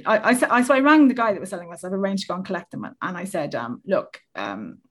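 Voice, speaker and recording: A woman's voice: medium pitch, very animated, rapid-fire. An Irish woman telling a self-mocking story in casual podcast chat, laughing often as she talks. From Ireland. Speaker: horse rider.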